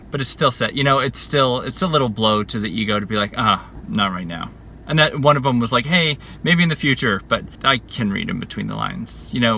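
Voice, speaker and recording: A man's voice: on the low side, gravelly, bright, forceful tone, slight background noise. A man recording a candid video diary from his parked car, talking in a rambling, self-reflective, conversational way. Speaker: vlogger.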